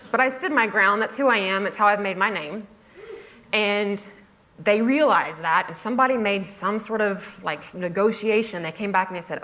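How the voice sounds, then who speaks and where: A woman with a medium-pitched voice tells a funny story at a festival talk. She is wry and self-mocking and laughs through her lines. A faint hiss sits under her voice. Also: normal speed, bright, forceful tone. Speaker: conference speaker. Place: festival stage before a laughing audience.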